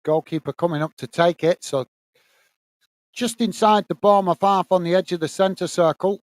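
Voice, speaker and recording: A man from the UK hosts a live football watch-along, giving a steady running commentary on the match. His voice sits a little high and sounds smooth and clear. The recording is dry and close, with no room sound. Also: moderate pace, no echo. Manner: steady play-by-play, lifts pitch when greeting viewers.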